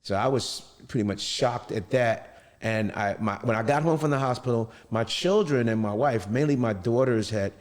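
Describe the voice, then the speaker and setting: A middle-aged man telling his own story in an interview, halting and often restarting his sentences. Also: medium pitch. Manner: halting, with many restarts and fillers. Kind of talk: personal storytelling. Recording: long reverb.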